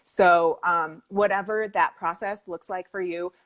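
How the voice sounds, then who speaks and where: A woman's voice: lowish voice, steady tone, a little slow, a bit bright. A woman co-hosting a live faith-based weight loss coaching chat, talking in an earnest, confessional way.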